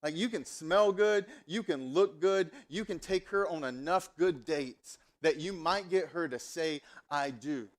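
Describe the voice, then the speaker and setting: A man preaching a sermon at a church service, conversational and animated, telling stories in a casual way. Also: high voice. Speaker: pastor.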